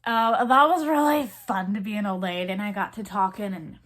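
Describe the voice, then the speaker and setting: A woman's voice: medium pitch, moderate pace, fairly bright tone. A young woman with a Southern American accent talks casually to her viewers. She rambles in a chatty way, filling gaps with ums and likes and starting sentences over as thoughts come to her. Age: 20s. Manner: chatty, rambling, many fillers and restarts. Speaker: vlogger. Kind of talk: casual chat.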